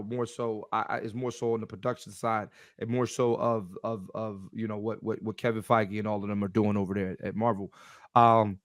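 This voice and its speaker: A man's voice: mid-range voice, fairly bright tone, no echo, clean studio sound. A man co-hosting a podcast, talking loosely and emphatically in slangy banter. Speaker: podcast co-host. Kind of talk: casual chat.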